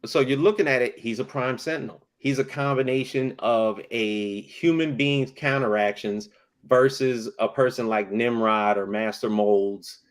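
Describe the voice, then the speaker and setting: A man's voice: mid-range voice, measured pace. A man co-hosting a casual podcast, recapping a cartoon episode with profanity and acting out the characters' lines. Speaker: podcast co-host.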